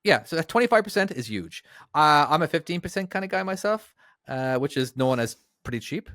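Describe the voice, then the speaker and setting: A man's voice: a little high, expressive, brisk, fairly bright tone, no echo, clean studio sound. A man co-hosting a trucking podcast, talking in an easygoing, chatty way with lots of fillers. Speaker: podcast co-host, truck driver. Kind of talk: casual podcast chat.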